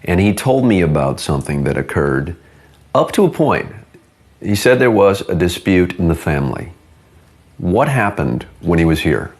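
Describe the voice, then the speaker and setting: A man conducting a mock interview in a calm, probing, deadpan way. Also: deep voice, moderate pace.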